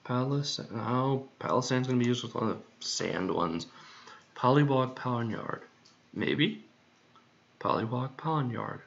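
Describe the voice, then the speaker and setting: A man's voice: mid-range voice, lively intonation, a little slow, gravelly. A man thinking aloud while he works, muttering to himself and repeating words over and over. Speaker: creator working on a song. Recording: dull lo-fi recording.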